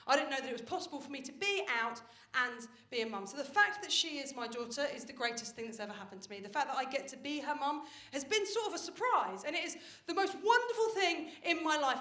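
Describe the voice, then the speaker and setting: A woman performing a stand-up comedy set on stage, telling stories in a brash, animated way with plenty of swearing. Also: sits high. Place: stage of a live comedy venue. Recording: roomy live venue with faint noise. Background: audience laughter.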